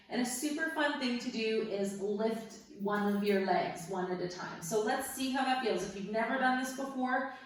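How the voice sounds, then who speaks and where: A woman teaching a guided yoga class, cueing breaths and poses gently and cheerfully, often laughing. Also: on the high side. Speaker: yoga instructor. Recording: very echoey room, mic far off.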